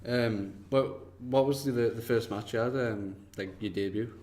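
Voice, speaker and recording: A male podcast host, asking casual interview questions haltingly with frequent fillers. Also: medium pitch, darkish tone.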